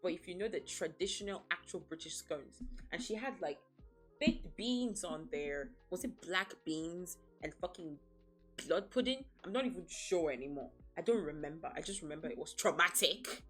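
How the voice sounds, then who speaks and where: A woman's voice: on the low side, lively intonation, moderate pace, a bit bright, faint music behind. A woman streaming as a VTuber, chatting casually in a blunt, profane, playfully dramatic way and laughing often. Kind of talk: casual livestream chat.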